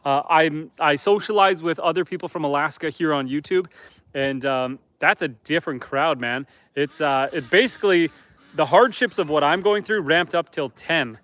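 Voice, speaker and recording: A man's voice: a little high, moderate pace, fairly bright tone, no room sound. A man from Canada, a homesteader, chatting casually on a livestream outdoors by a campfire, reading viewer comments aloud and answering them.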